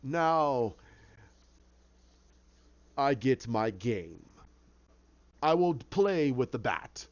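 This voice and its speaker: A man's voice: medium pitch, big pitch swings, extremely slow, long pauses, voice pushed down. Man doing a twisted hatter villain, meek then icy, told as a story, muffled audio. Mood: gleeful. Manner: pleading, then cold and menacing. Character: meek scientist turned sinister hatter, man. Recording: dull lo-fi recording.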